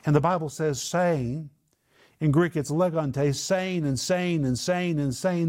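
A man preaching a sermon, animated, acting out the voices of the people in the story as he tells it. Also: a little high, a little slow.

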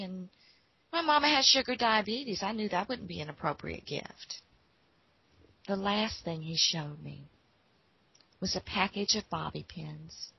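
A woman telling a personal story in an unhurried, folksy way. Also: mid-range voice, creaky, husky, dry recording, highs cut off.

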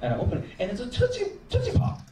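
A man telling an animated comic story on stage, acting out voices. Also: very high voice, rapid-fire, very noisy. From American South. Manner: animated, acts out voices and sings bits. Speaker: stand-up comedian. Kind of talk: stand-up storytelling. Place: comedy club stage. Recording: roomy club sound from a distance.

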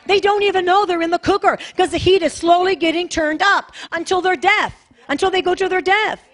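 This woman pastor's sermon comes in a notably high, slightly bright voice at a brisk clip. She speaks conversationally to the congregation while hammering home each point, returning to key phrases over and over.

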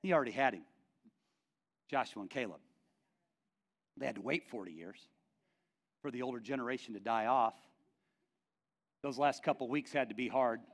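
A man pastor preaching a sermon in an animated, joking way. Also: mid-range voice, normal speed, pauses often.

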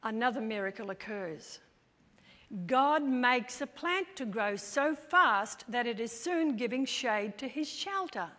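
A woman narrates a Bible story in an unhurried, deliberate way, her voice sitting a little high. She is dramatic and playful, with wry asides, and a long reverb trails behind her as if in a large hall. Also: expressive, a bit bright.

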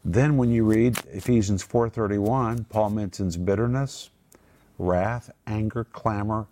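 A man's voice: on the low side, measured pace, warm tone, slight background noise. A man co-hosting a Christian talk show, teaching a Bible passage in an earnest, emphatic way and drawing out his key words. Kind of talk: sermon-like teaching.

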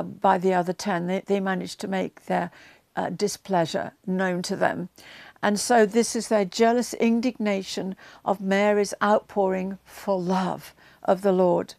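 A woman's voice: mid-range voice, vocal fry, a little mellow, no room sound. A woman giving a conversational Bible teaching to camera, with chatty asides and frequent ums, growing emphatic as she retells scenes.

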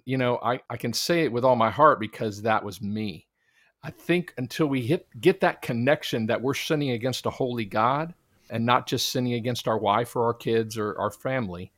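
A man's voice: mid-range voice, a bit bright, dry recording, clean studio sound. A man giving a testimony in an interview, earnest and preacherly, often quoting scripture. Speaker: guest, Christian minister.

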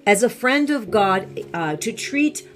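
A woman's voice: mid-range voice, lively intonation, slow, faint music behind. A woman teaching the Bible online, fervent and repeating phrases for emphasis.

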